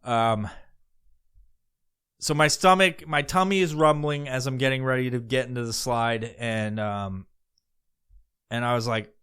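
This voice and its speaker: Male podcast host, mid-pitched, foul-mouthed rambling comic storyteller. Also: a little slow, long pauses, fairly bright tone, clear, resonant tone. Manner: crude, profanity-laden, rambling.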